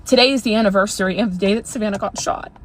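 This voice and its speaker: A woman's voice: medium pitch, racing, a little hiss or hum. A woman telling a heavy personal story, overwhelmed and close to tears, earnest and rambling, cursing for emphasis. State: on the verge of tears.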